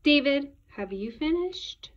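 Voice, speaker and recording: A woman voicing a stern schoolteacher who barks short, sharp commands at a pupil. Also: sits high, animated, slow pace, pitched above the performer's own voice. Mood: exasperated. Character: stern scolding schoolteacher, adult. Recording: dull lo-fi recording.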